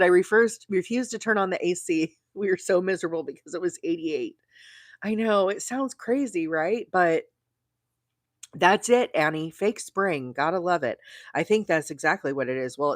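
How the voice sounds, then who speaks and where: Chatty Southern woman, lively and low. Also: normal speed, no echo, clean studio sound. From South Alabama. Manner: chatty, laughs often, greets viewers by name. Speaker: crochet livestream host. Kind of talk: casual chat while crocheting live.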